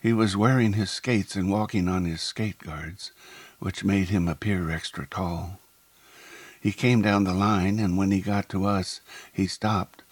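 Husky male storyteller, low voice. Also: no echo. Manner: measured, descriptive, unhurried. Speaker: narrator. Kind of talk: first-person audiobook narration.

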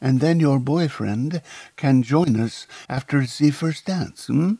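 A man voicing a suave, gallant French skating escort with a French accent, coaxing and smooth. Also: medium pitch, slow pace, dark tone, no room sound, pitched above the performer's own voice.

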